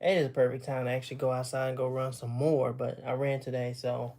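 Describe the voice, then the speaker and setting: A man's voice: mid-range voice, level tone, fast talker, vocal fry, darkish tone. A young man, out of breath after a run, chatting casually on a livestream in a tired, rambling way.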